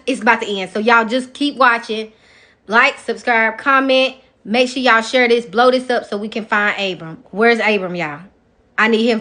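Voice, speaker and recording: A young adult woman vlogger telling a personal story in a casual, animated way, often speaking straight to her viewers. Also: a little high. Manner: emotional, animated retelling, addresses viewers directly.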